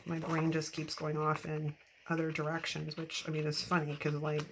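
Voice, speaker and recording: Gravelly low-voiced woman chatting, noisy recording. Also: moderate pace. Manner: chatty and rambling, laughs often. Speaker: planner vlogger. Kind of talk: casual chat while decorating a planner. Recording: steady background noise.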